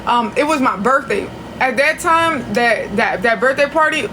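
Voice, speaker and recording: A woman's voice: on the high side, expressive, moderate pace, noisy background. A woman telling a long story on a casual livestream, chatty and profane, with frequent restarts. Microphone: phone.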